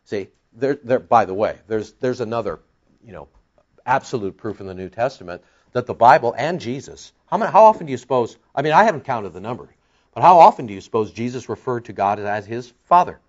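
Older male pastor, lively conversational sermon, muffled lo-fi recording. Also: mid-range voice, a little fast. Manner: animated, conversational preaching with frequent restarts.

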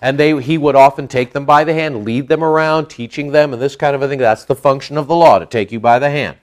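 A man giving a conversational Bible teaching, asking his listeners rhetorical questions and reading scripture aloud louder and slower. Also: medium pitch.

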